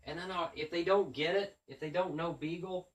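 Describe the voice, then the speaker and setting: A man's voice: fairly high pitch, moderate pace. A man, a children's book author, casually telling stories about his school visits and acting out how he talks to the kids. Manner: animated, acts out his classroom patter to kids. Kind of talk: casual storytelling monologue. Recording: roomy sound from a distant mic.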